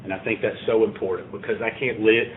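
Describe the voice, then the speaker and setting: A man's voice: lowish voice, fairly even intonation, a little fast, a little hiss or hum. A man giving a plainspoken, earnest talk at a recovery meeting, building to emphatic points. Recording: tinny phone-like sound.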